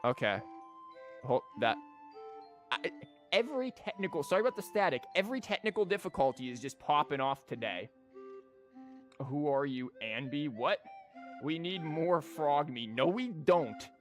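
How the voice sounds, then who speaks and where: A man's voice: a little high, expressive, moderate pace, long pauses, a bit bright, faint music behind. A young man streaming a game, rambling and joking with frequent stammers. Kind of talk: casual gameplay commentary.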